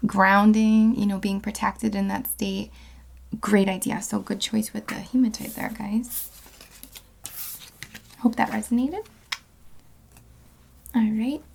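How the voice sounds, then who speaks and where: A woman talks through a tarot reading in a loose, rambling way, correcting herself often. Her voice has a gravelly fry at a middle pitch, and she slips into a hushed whisper at times. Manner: rambling, with many fillers and self-corrections. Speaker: tarot card reader.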